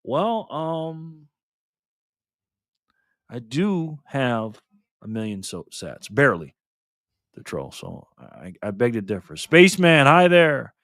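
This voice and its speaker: A man's voice: medium pitch, very animated, takes it slowly, long pauses, a bit bright, no echo, clean studio sound. A man hosting a casual livestream, reading viewer comments aloud in a loose, laid-back way and calling people man and brother. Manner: loose, repeats and restarts phrases. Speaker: livestream host.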